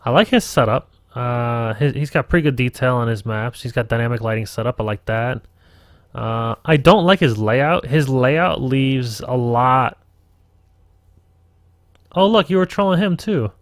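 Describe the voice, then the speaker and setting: A man acting as game master runs a casual live tutorial stream, rambling, swearing and talking to himself at his computer. His mid-range voice is unhurried, and the studio-quality audio has no room sound.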